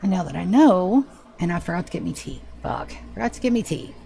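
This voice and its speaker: A woman's voice: fairly low pitch, sing-song, a little fast, creaky, mellow, slight background noise. A woman streaming a game live, chatting casually and swearing freely with a self-mocking, sarcastic manner. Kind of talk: casual live gameplay chat.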